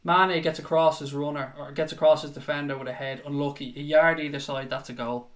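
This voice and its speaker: A man hosting a live football watchalong, commentating in a frustrated, sweary way with bursts of shouting. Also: fairly high pitch, fairly even intonation, a little fast. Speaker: watchalong host. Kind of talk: live fan reaction commentary.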